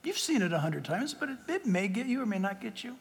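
A middle-aged male pastor preaching a sermon, emphatic and full of rhetorical questions, swinging between loud declarations and hushed asides. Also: high-pitched, big pitch swings, fast talker. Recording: long reverb of a big hall.

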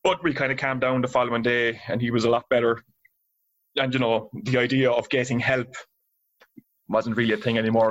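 With a mid-range voice, an even tone, and a fairly quick pace, an Irishman in his thirties recounts tour anecdotes as a guest from a band, where he plays guitar and sings. He swears heavily and laughs throughout, and the sound is dull and lo-fi.

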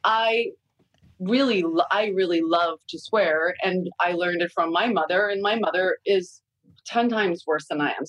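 A woman in her forties chatting candidly on a podcast, telling lively parenting stories and swearing freely. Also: mid-range voice, no room sound, rough recording. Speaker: guest consultant. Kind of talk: casual podcast chat.

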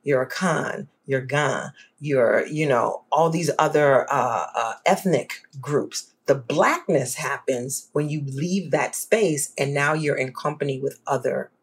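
A guest scholar from New Orleans with a New Orleans accent, talking in an animated, emphatic way in a podcast conversation. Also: slow pace, hardly any pauses, breathy edge. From New Orleans, USA. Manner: animated, emphatic, swings up high when excited.

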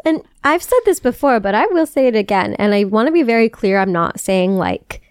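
A woman's voice: medium pitch, animated, a little fast, a little mellow, smooth, no echo. Playful young woman, dry close sound. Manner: playful, emphatic, sometimes swears. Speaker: podcast co-host. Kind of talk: casual chat.

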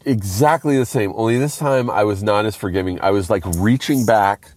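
A man telling a rambling story in a casual, heavily profane and animated way. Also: fairly low pitch, normal speed, no room sound.

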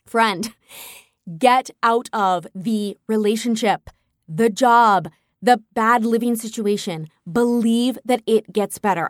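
A young adult woman hosting her own show, telling personal stories in a candid, animated way and acting out her own past thoughts. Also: on the high side, no room sound, studio quality. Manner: candid, animated storytelling with quoted inner thoughts. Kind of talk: casual personal monologue.

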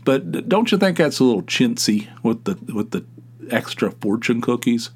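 A man's voice: mid-range voice, very animated, normal speed, a little mellow, husky. Rambling middle-aged man, exasperated. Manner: rambling, full of restarts and asides, exasperated. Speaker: podcast host. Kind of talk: casual monologue.

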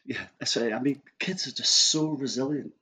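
A middle-aged Scottish man who grew up in Scotland, a guest in a casual interview, telling stories in a relaxed way and laughing easily. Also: mid-range voice, normal speed, slightly rough.

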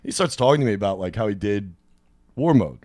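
Male podcast host, lowish voice, dry close mic, swearing storyteller who acts out the people he quotes. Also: a little fast, dry recording. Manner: profane, animated anecdote-telling, acts out quoted people. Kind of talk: casual storytelling chat.

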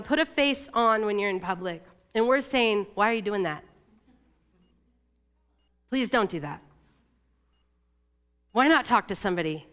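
A woman's voice: a bit bright, smooth. A woman from Oregon giving a sermon, telling a personal story in an emotional, confessional way. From Oregon, USA. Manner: emotional, confessional storytelling with quick shifts in pitch. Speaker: church staff speaker.

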